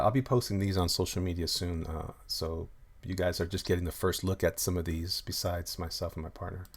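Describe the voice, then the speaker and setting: A man with a fairly low voice talks loosely through his illustrations on a live stream. He rambles and restarts often in an easy, friendly way, stopping to read out comments from viewers. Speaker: comic artist streaming live. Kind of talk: casual livestream chat reading viewer comments.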